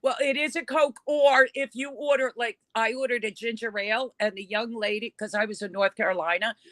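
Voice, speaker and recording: A woman from New York, chatting casually on a live stream and telling animated stories with restarts. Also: on the high side, fairly quick, no echo.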